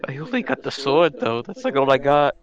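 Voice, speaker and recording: A man's voice: mid-range voice, big pitch swings, fairly quick. Man player on a dull, lo-fi mic. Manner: loose, hesitant. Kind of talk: casual chat.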